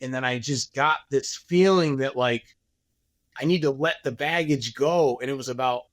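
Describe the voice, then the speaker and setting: A man's voice: mid-range voice, normal speed, dry recording. A man, a podcast guest, telling his story candidly and acting out other people's lines. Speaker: podcast guest, business owner.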